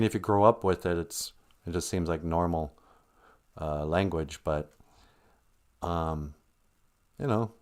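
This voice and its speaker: A man hosting a casual livestream who rambles, chuckles and reads out viewer comments between tangents. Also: deep voice. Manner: rambling, chuckling, animated asides. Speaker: livestream host.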